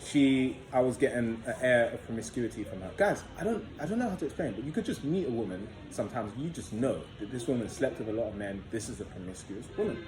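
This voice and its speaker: A man's voice: medium pitch, animated, quick pace, few pauses, music in the background. A young man telling a story to his vlog audience in a loose, profane, casual way, full of fillers. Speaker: vlogger. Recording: echoey room with faint background noise.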